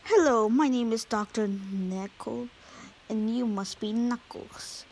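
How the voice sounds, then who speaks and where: Woman as gentle male therapist doctor, reassuring, unhurried, homemade toy skit. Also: on the high side, poor audio.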